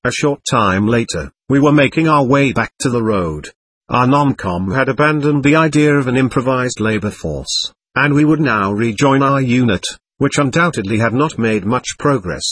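Husky, animated male audiobook narrator. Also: medium pitch, dry recording. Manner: measured, vivid storytelling. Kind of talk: scripted first-person audiobook narration.

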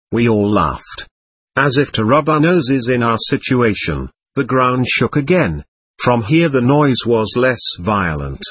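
A man with a husky voice reading a first-person war memoir aloud, in measured storytelling. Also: mid-range voice, big pitch swings, a bit bright, no echo. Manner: measured storytelling, voicing the soldiers lightly. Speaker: audiobook narrator.

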